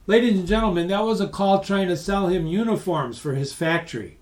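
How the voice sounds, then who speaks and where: A man's voice: high voice, a little fast, few pauses, echoey room. Guy doing a webinar talk, big emphatic delivery, talks right at the audience, mic kinda far off. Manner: animated, emphatic storyteller who addresses the audience directly. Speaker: webinar presenter. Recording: voice distant from the mic.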